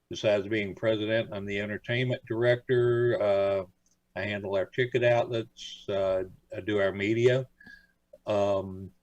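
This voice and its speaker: A man's voice: fairly low pitch, darkish tone, no echo, dull audio. An older man from Florida, a radio show guest, telling stories in a rambling, folksy way with lots of fillers. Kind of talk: casual interview chat.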